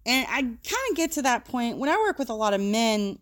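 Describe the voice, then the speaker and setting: A woman's voice: on the high side, sing-song, a little fast, fairly bright tone. A woman working as a social worker, talking frankly and casually about emotions, with the odd swear word.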